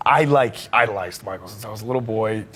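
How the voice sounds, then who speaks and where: A man's voice: lowish voice, fast talker, a bit bright, slightly rough. Man telling a rambling anecdote. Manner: rambling with fillers. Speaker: talk show guest. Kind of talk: casual anecdote.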